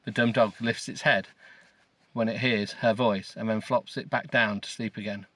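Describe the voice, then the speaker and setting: A man's voice: lowish voice, fairly even intonation, normal speed, a bit bright, no echo. A middle-aged man hosting a podcast, reading a novel aloud with sarcasm, swearing and stumbling over words. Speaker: podcast host. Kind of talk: mocking comedic reading of a novel.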